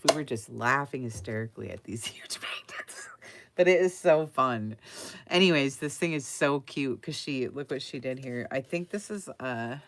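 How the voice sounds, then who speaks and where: Very low-voiced, giggly chatty woman. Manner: rambling, giggly, many fillers. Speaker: craft seller showing a handmade journal. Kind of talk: casual chatty flip-through.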